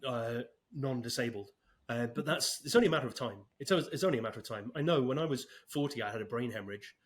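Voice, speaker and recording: A man in his fifties speaks as a podcast guest in relaxed, conversational talk. He is chatty and easygoing, with a self-deprecating, lightly humorous touch. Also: medium pitch, quick pace. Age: 50s. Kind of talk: casual interview talk.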